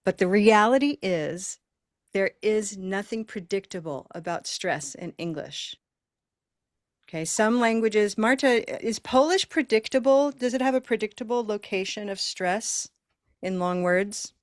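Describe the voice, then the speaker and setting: A woman's voice: mid-range voice, animated, measured pace, no echo, clean studio sound. A woman co-hosting a live online English lesson on a video call, who laughs often and asks the learners questions. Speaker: teacher and co-host.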